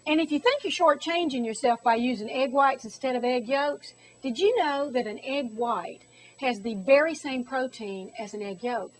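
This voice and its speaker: A woman's voice: high voice, moderate pace, poor audio. A middle-aged woman hosting a home cooking demonstration, chatty and bubbly with theatrical exclamations. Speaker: cooking show host.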